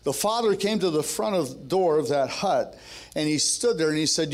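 High-voiced man preaching fervently. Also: lively intonation, moderate pace. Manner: storytelling that builds to fervent, rousing exhortation; joking, conversational asides. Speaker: preacher at a men's ministry gathering. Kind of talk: sermon.

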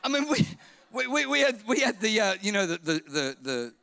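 A man preaching a sermon as a pastor, telling humorous stories with lively energy and now and then breaking into shouts. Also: high voice, moderate pace, vocal fry. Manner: animated humorous storytelling, bursts into shouting.

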